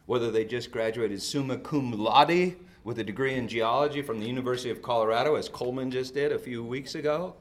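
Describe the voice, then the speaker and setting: A man in his fifties preaching a sermon and telling stories, swinging between loud outbursts and soft drops. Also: medium pitch, brisk, few pauses. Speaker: pastor.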